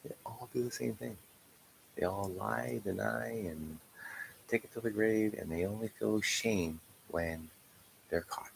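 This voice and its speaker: A man's voice: on the low side, unhurried, vocal fry, slight background noise, poor audio. A man in an angry, profane livestream rant, aggrieved and often dropping into whispered asides. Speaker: streamer.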